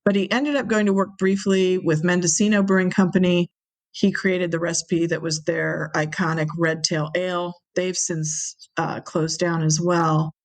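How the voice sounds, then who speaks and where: Lively storytelling woman with a low voice. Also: moderate pace. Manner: animated storyteller, acts out quoted voices. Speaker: interview guest, brewery owner. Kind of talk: casual storytelling in an interview.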